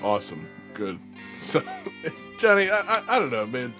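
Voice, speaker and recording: A man's voice: medium pitch, huge pitch swings, unhurried, music in the background. A man co-hosting a casual gaming podcast, joking and laughing as he steers the talk. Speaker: podcast co-host.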